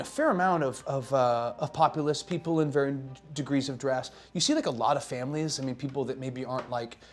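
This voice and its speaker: A game master narrating a tabletop horror game in a loose, chatty way with quick asides. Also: medium pitch, a little mellow.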